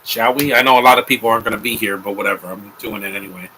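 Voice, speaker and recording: A man's voice: fairly low pitch, steady tone, very fast, bright, forceful tone, a little hiss or hum, low-quality recording. A young man hosting a live movie commentary, talking in an offhand, rambling way with opinionated asides.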